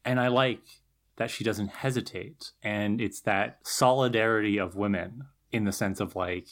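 A man's voice: lowish voice, moderate pace, a bit bright. A man co-hosting a podcast in casual chat, thoughtful and analytical, laughing easily. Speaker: podcast co-host.

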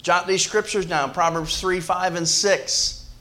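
A man preaching a sermon to his church, moving between loud emphasis and hushed asides, often repeating words and restarting phrases. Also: high voice, fairly even intonation, unhurried. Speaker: pastor.

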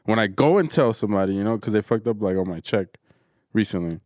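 A man's voice: on the low side, expressive, fast, a little mellow, no room sound, clean studio sound. A man in casual chat, laid-back and profane, telling a story about work. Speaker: warehouse worker.

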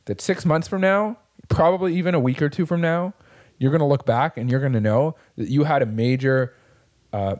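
A man's voice: mid-range voice, darkish tone. A man in casual chat, talking in a profane, impassioned, motivational way about growth through hard times. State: tearing up.

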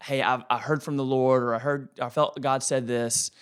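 A man co-hosting a casual faith podcast, talking quickly with stumbling restarts. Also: medium pitch, clear, resonant tone. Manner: fast, stumbling restarts, animated. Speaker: podcast co-host.

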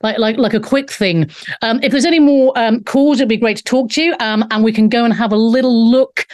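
A woman's voice: on the high side, a little fast. Chatty woman talk show host. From Wales. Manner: chatty and animated, many fillers and restarts. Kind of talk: casual chat show hosting.

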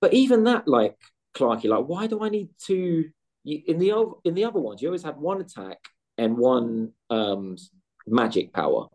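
A man co-hosting a gaming podcast, talking in animated casual chat with lots of swearing and restarts. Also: on the high side, normal speed. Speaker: podcast co-host.

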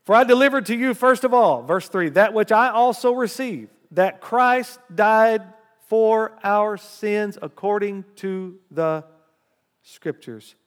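A man preaching a sermon, reading scripture aloud with rising emphasis and lively call-and-response asides to the congregation. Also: high voice, slow. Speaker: pastor. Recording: long hall reverb.

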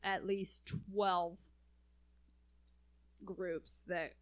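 Slow-talking woman in her thirties. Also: on the low side, level tone. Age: 30s. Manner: laughs often, chatty and self-mocking. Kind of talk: casual chat.

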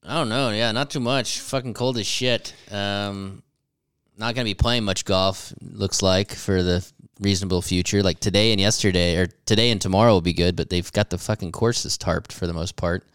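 A man's voice: on the low side, steady tone, moderate pace, fairly bright tone, clean tone, dry recording, clean studio sound. A man in his thirties co-hosting a casual golf podcast, joking, laughing and swearing easily. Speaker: podcast co-host.

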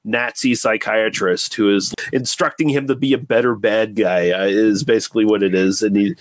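A man's voice: lowish voice, steady tone, normal speed, dry recording. A man chatting casually about a film, rambling with lots of fillers, laughing and swearing.

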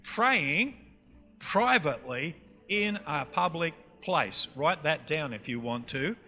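A man's voice: fairly high pitch, lively intonation, slow pace, bright, forceful tone. A man with a North Queensland Australian accent, preaching a teaching session and quizzing the audience with questions. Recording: long hall reverb, faint music.

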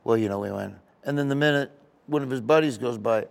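A man's voice: medium pitch, moderate pace, gravelly. A man, a comedian guest, telling rambling stories in a casual interview. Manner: rambling, storytelling with asides.

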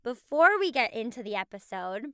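A woman podcast host giving a heartfelt, emotional farewell to her listeners, halting with many restarts. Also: on the high side, big pitch swings, fairly bright tone, clean tone, no echo, studio quality.

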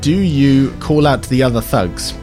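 A man's voice: mid-range voice, music in the background. Man narrating as game master. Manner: measured, describing scenes.

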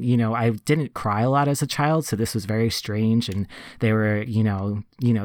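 A man in funeral service casually telling a personal story on a podcast, reflective and relaxed, full of "like" and "you know". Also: lowish voice, normal speed, no echo, studio quality.

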